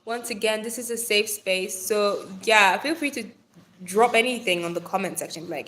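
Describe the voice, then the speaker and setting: A woman's voice: mid-range voice, lively intonation, normal speed, a bit bright. A young woman hosting a casual live stream from her phone, bubbly and playful, chatting with viewers, calling them darling and swearing now and then. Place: Nigeria.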